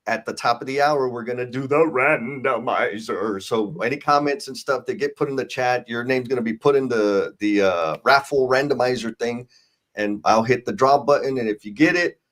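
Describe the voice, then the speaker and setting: A man hosting a casual livestream chat, talking in an upbeat, loose and chatty way. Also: medium pitch. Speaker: livestream host.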